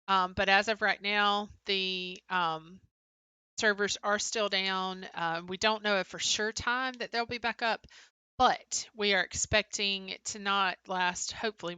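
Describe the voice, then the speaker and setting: Young woman, stream co-host, bright, close dry sound, casual chat-reading, lots of "um". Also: medium pitch, clean tone, no room sound. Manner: chatty, answers chat names, frequent "um" fillers. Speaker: livestream co-host. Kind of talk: casual livestream chat, reading viewer comments.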